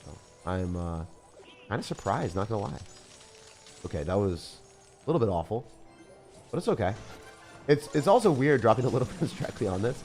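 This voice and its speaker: A low-pitched man giving live gameplay commentary, his voice swinging widely between mutters and excited yelps. He chats with his viewers as he plays, quick to react. Faint music plays underneath. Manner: animated, excitable, talks to chat. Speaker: gaming streamer.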